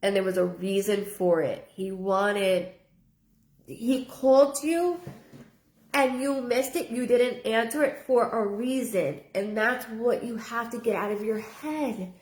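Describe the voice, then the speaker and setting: A woman's voice: on the high side, takes it slowly, darkish tone, roomy sound. A woman psychic medium giving a live reading in an earnest manner, often repeating her phrases and relaying a spirit's words in first person.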